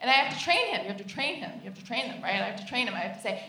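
A woman from the United States performing stand-up comedy on a live stage, with deadpan, repeated punchlines. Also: fairly high pitch, very fast, hardly any pauses. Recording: echoey live venue, distant mic, noise.

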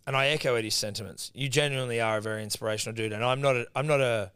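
A man's voice: mid-range voice, very fast, clean tone, dry recording. An Australian man co-hosting a sports podcast, chatting casually with crude jokes and frequent laughter. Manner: lively, crude, joking, laughs often. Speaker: podcast co-host. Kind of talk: casual chat.

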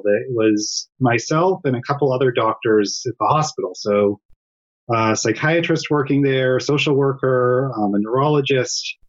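A man's voice: mid-range voice, lo-fi sound. A middle-aged man, a developmental psychologist, explaining his work earnestly as a guest in a remote interview from home. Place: home during lockdown.

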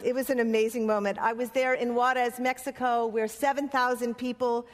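A woman's voice: on the high side, fairly even intonation, brisk. Impassioned woman speaking in a hall. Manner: impassioned, rhythmic listing. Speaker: playwright and activist speaker. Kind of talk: conference speech. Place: conference hall. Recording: long hall reverb.

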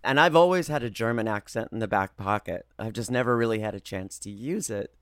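Guy actor on an interview, animated storyteller, dry close mic. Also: on the low side, a little fast, clean tone, no echo. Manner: expressive, lively retelling with playful voices. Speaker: voice actor guest.

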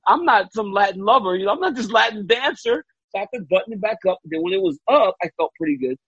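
A man from Louisiana co-hosting a casual talk show, telling animated stories and laughing often. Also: high-pitched, fast talker, husky, no room sound. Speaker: co-host and fight analyst. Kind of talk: casual chat. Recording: dull, lo-fi, dry sound.

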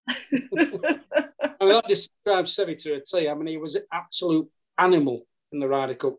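A man's voice: fairly high pitch, moderate pace. Earthy Yorkshire man telling stories. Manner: animated, earthy, casual swearing. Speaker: golf caddie guest. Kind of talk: storytelling chat.

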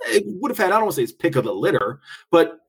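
Sports podcast co-host, male, slightly raspy, relaxed banter with stumbles. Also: a little high, rapid-fire. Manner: loose and jokey, laughs often, trips over words. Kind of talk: casual sports podcast chat.

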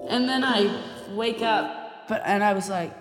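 A woman's voice: mid-range voice, measured pace. A young woman from Tennessee telling a story in an interview, swearing freely and acting out the quoted voices. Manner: profane, animated, acts out quoted voices. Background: background music.

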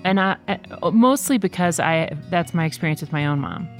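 A middle-aged woman talking candidly in a podcast conversation, telling stories with lively quoted voices. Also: fairly low pitch, moderate pace, faint music behind.

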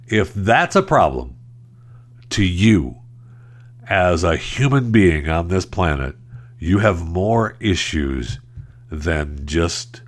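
A man hosts his podcast alone, talking casually about the day's stories. His voice sits very low and deep. He keeps slipping into mocking, sarcastic asides. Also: animated, takes it slowly, pauses often. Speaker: podcast host. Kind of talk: casual solo commentary.

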